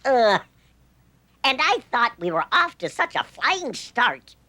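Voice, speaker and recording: A woman's voice: a little high, very animated, slow pace, bright, forceful tone, no echo, heavily acted. A woman voicing a playful, encouraging little dragon with a chirpy, bouncy delivery in an educational cartoon. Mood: cheerful.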